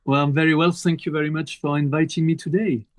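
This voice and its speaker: A man from France speaks with a French accent, answering politely as a chef guest. He hesitates often and fills pauses with many small fillers. His voice sounds dry and close. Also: fairly high pitch, fairly even intonation, dry recording. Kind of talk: interview answers.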